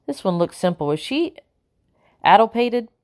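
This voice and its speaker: A woman's voice: mid-range voice, expressive, moderate pace, a little mellow, pitched above the performer's own voice, lightly acted. A woman voicing a haughty colonial mistress who speaks in a cold, commanding, clipped way. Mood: disdainful.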